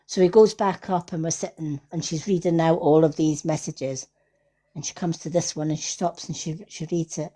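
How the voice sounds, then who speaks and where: A middle-aged woman, hosting a live stream and telling an anecdote in a lively way. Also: low voice, normal speed. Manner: animated, acts out voices in her stories. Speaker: host. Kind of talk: casual storytelling on a live stream.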